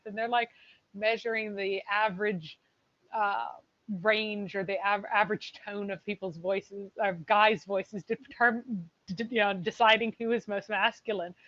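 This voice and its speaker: Woman w a low voice, super expressive, chatty stream cohost, audio a bit muffled. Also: moderate pace. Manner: expressive, animated storyteller. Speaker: co-host of a livestream. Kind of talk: casual chat.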